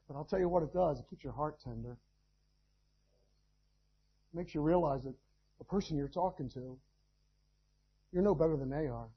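Husky-voiced man preaching a sermon. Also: fairly high pitch, muffled recording. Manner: preaching with sudden loud climbs.

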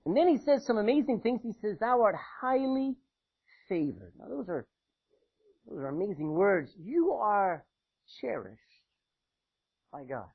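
A man's voice: high voice, very animated, unhurried, gravelly, pauses often, husky. A man preaching a sermon, folksy and conversational, with chatty asides to the congregation. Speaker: pastor. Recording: dull lo-fi recording.

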